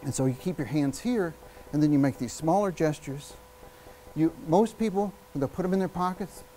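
A man giving a live public speaking workshop, energetic and emphatic, shifting his speed and volume and using long pauses. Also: fairly high pitch, a little hiss or hum, low-quality recording. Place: workshop room with an audience.

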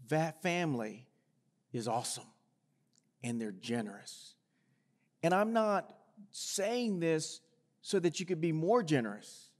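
A man preaching a sermon as the pastor, talking earnestly and reading scripture aloud with rising force. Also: high voice. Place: church sanctuary. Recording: long reverb of a large hall.

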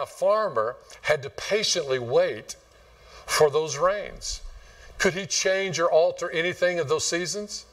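A man's voice: medium pitch, far from the mic. A man from West Texas, preaching a folksy, rambling sermon and quizzing his congregation. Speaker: pastor. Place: church sanctuary.

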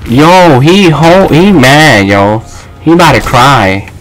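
A young man giving casual, excitable gaming commentary, trash-talking his opponent with sudden yelps. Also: on the high side, slow, faint music behind. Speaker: gaming channel host.

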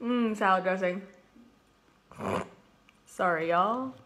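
Speaking slowly in a fairly bright, mid-range voice, a young woman hosts a casual kitchen livestream from home. Between reading comments and chatting, the singer occasionally launches into a song.

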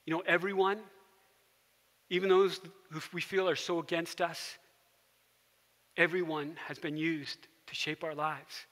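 A man preaching a sermon as pastor, telling a story and dropping to a soft hush for quiet moments. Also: fairly high pitch, little pitch movement, measured pace, long pauses, in a large hall. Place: church sanctuary.

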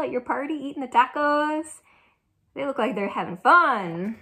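A woman's voice: high-pitched, moderate pace, husky. A young woman reading a picture book aloud to children and asking them questions as she goes. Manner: animated, asks children questions. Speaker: children's storyteller.

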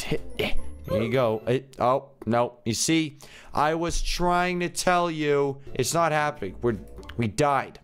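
A man's voice: mid-range voice, animated, a little slow, soft background music. A man giving casual, jokey commentary as he plays a video game, often thinking aloud and confused. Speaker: gaming YouTuber.

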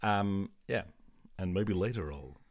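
A man in his thirties joins a casual home podcast as a guest. He talks in a playful, jokey way with theatrical asides, and his voice swings up and down in a lively way. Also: low voice, a little slow. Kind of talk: casual chat.

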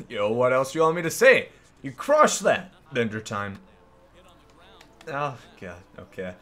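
A man giving casual, joking commentary over his gameplay as the host of a gaming channel, rambling through sarcastic asides and shouting at big plays. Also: medium pitch, wildly swooping pitch, slow pace.

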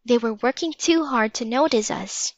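A woman reading aloud, voicing an eager young girl who speaks up quickly and brightly. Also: fairly high pitch, no room sound, lo-fi sound, voice pushed up, close to an everyday voice. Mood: pleading. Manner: quick and cheerful.

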